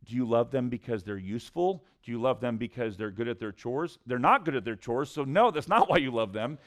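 A middle-aged man preaching a sermon, telling a personal story and acting out the voices in it. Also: a little fast. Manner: animated storyteller, acts out voices with big pitch swings. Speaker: pastor.

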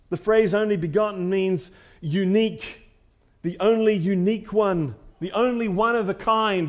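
A high-pitched male preacher delivers a sermon, rising to forceful declarations and then dropping to hushed lines. He repeats phrases for emphasis.

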